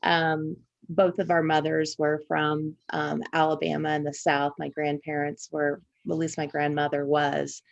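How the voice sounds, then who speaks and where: A woman from Indiana with a low, gravelly voice talks through her own memories in a relaxed podcast chat. She reflects as she goes and lets the stories unfold at length. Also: measured pace, few pauses, dull audio. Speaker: podcast co-host. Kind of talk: casual conversation.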